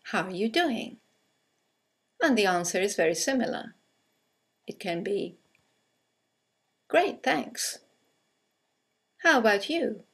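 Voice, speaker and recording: A woman narrating a scripted English conversation lesson, reading example greetings aloud with slow, clear delivery. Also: mid-range voice, big pitch swings. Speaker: English teacher.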